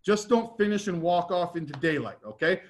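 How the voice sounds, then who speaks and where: A man's voice: high-pitched, expressive, brisk. A man coaching football, talking casually through drill footage and ending most phrases with a checking "okay?", with short repeated commands. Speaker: football defensive line coach. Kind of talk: instructional clinic talk over drill video.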